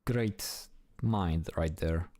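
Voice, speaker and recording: Mellow-voiced man narrating his gameplay. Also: low-pitched, drawn-out words, no echo. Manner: chatty, talks to himself while building, swears casually. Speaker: gameplay streamer. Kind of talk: casual gameplay commentary.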